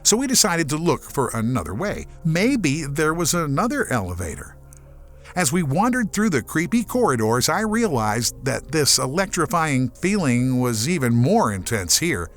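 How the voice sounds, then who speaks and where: A man from Germany narrating a horror audiobook as a scripted, expressive storyteller. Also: fairly high pitch, normal speed, soft background music.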